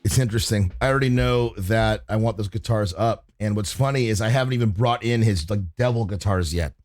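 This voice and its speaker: A man's voice: lowish voice, fairly quick, loud music behind the voice. A man casually talking through his mixing work on a livestream, swearing freely as he explains each step. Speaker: mixing engineer teaching on a livestream.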